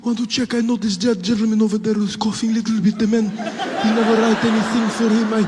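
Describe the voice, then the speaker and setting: A man's voice: sits high, little pitch movement, quick pace, background noise, voice pushed up, lightly acted. A man voicing a fussy, apologetic older male passenger who stammers politely in a live stand-up bit. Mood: hesitant.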